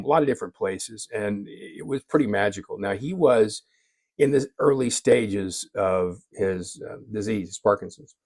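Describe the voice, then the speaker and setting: An older man and longtime sports broadcaster spins a casual yarn in a folksy, self-deprecating manner. His voice sits fairly low, and the sound is dry and close. He tells the story from a room lined with sports memorabilia. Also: no echo. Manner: folksy, self-deprecating anecdotes with frequent restarts. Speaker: veteran sports radio broadcaster.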